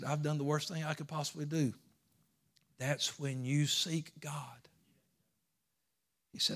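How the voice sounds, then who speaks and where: A male pastor, teaching Sunday school, swinging from soft hushed asides to impassioned crescendos. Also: on the high side. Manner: impassioned preaching, builds to fervent crescendos.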